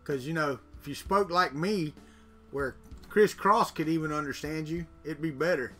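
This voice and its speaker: Man, bright fairly high voice, chatty livestream host, faint music behind. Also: moderate pace. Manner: chatty, reads viewer comments aloud, jokes. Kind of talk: casual live chat with viewers.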